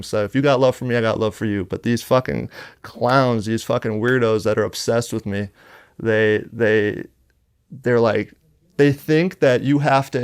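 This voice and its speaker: Brief: male horrorcore rapper guest, heated and foul-mouthed, smooth tone, dry close studio sound. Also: fairly low pitch, a little mellow, no room sound. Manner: blunt, heavily profane, heated. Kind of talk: casual interview storytelling. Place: podcast studio.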